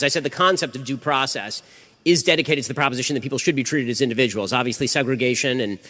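Fast-talking man debating in a hall. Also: medium pitch, pushed and bright. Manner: fast, clipped, argumentative, frequent restarts. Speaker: speaker answering audience questions. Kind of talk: rapid-fire Q&A debate. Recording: reverberant hall.

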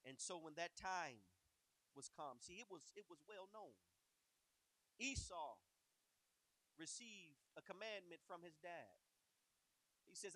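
A man teaching a Sunday school Bible lesson, animated and acting out the story in character voices. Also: high voice, slow, long pauses, rough recording.

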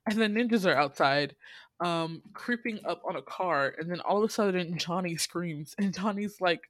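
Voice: medium pitch, moderate pace, a bit bright, no room sound. A podcast host giving a casual, chatty recap of a movie, full of fillers and laughing through the story.

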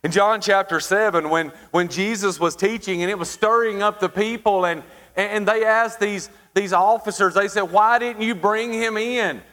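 Male preacher, high voice, dramatic pauses; sermon in a reverberant church hall. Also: steady tone, a bit bright.

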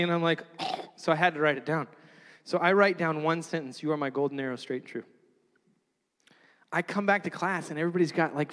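A man with a fairly high voice tells a sermon story, bouncing between jokes and earnest reflection. His voice rings out with a long reverb from a large hall. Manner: animated, laughing, self-mocking asides. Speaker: preacher.

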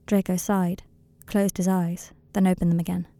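A woman narrating a fan story as an audiobook, in a calm, steady way. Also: on the low side, normal speed, no room sound.

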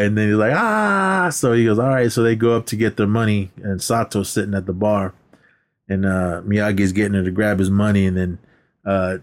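Low-voiced man recapping a movie. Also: darkish tone. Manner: rambling retelling, acts out lines in a raised voice. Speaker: podcast co-host. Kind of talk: casual movie recap chat.

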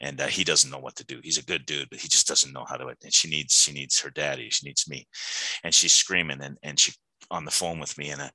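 Deep-voiced man sharing his recovery story. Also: sharp tone, no echo, low-quality recording. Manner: earnest, halting storytelling with many restarts. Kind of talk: recovery meeting share.

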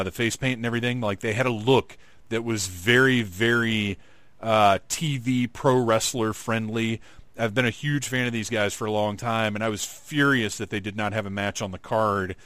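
A man's voice: fairly low pitch, a bit bright, no echo. A man co-hosting a casual chat, talking with enthusiasm and laughing easily. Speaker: podcast co-host.

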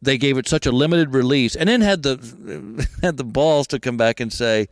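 A male comedian, telling a comic story and chatting as an interview guest, animated and acting out the people in it. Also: mid-range voice, normal speed, no room sound. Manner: animated, acts out voices, laughing through the story.

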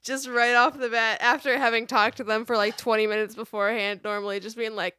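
A woman co-hosts a loose podcast chat, swearing freely and joking around. Her voice sits fairly high and bright. The recording is dry and close, on a stand mic. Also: little pitch movement, brisk, dry recording. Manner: swearing, joking, reads punctuation aloud. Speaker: podcast co-host. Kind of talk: casual chat, reading a video description aloud.

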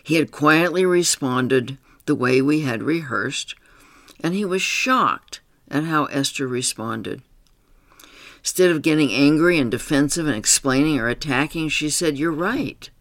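A man working as a therapist, reading aloud a written story about a client in a calm, measured, explanatory way. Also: on the high side, dry recording, clean studio sound.

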